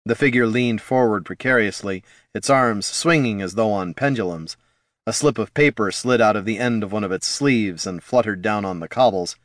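A man narrating a fantasy story in a steady, storytelling delivery. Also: fairly low pitch, moderate pace, no echo, studio quality.

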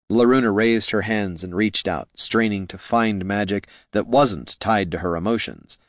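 A man reading a fantasy novel aloud in an expressive storytelling manner. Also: lowish voice, moderate pace, few pauses, dry recording, clean studio sound. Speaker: narrator. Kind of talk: fantasy audiobook narration.

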